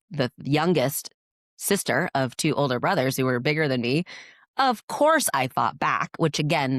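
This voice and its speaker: A woman's voice: very deep voice, dry recording, clean studio sound. A woman guest on a podcast, telling her own story in an earnest, reflective way, with frequent restarts. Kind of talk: candid interview storytelling.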